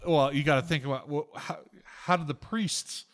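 Guy hosting a podcast, lively storytelling, cracks jokes then gets preachy. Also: fairly high pitch, normal speed. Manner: animated storyteller, irreverent, rising to preachy. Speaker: podcast host. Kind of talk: casual podcast chat.

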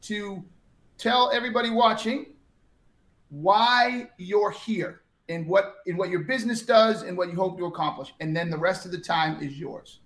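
A man's voice: high-pitched, moderate pace, a bit bright. A man hosting a sales coaching show, talking in a brash, direct and upbeat way. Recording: echoey room.

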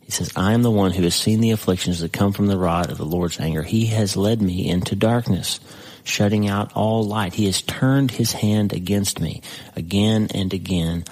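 A man preaching a sermon, reading scripture aloud slowly with dramatic pauses and breaking into conversational asides to the listener. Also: fairly low pitch, darkish tone, rough recording.

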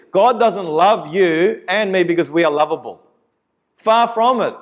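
A man preaching a sermon with emphasis, repeating key phrases, swinging from loud passionate peaks to quiet, soft endings. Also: fairly high pitch.

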